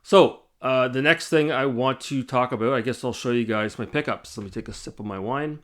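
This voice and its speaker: A man's voice: medium pitch, fairly quick, fairly bright tone, slight background noise. A man hosting his own gaming channel, talking on camera in a casual, rambling, blunt way, swearing and laughing at himself. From Canada. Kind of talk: casual vlog chat. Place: indoors, side-lit room.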